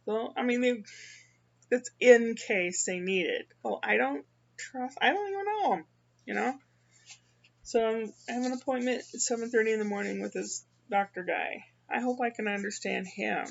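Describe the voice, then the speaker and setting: An older woman from the Midwest talks in a loose, rambling way, stopping and restarting her sentences often. Her voice has a gravelly, creaky edge at a middling pitch. The recording sounds slightly dull and lo-fi. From American Midwest. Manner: rambling, halting, with many restarts. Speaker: vlogger. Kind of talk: casual personal monologue.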